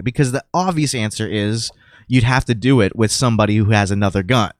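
A man's voice: medium pitch, a little fast, no room sound, clean studio sound. Man retelling a story in casual chat. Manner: animated retelling with acted quotes.

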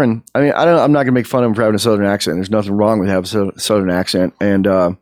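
A man's voice: on the low side, fairly even intonation, very fast, few pauses, a little mellow, dry recording, clean studio sound. A man co-hosting a podcast, talking in a rambling, opinionated way with many restarts. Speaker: podcast co-host. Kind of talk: casual podcast chat.

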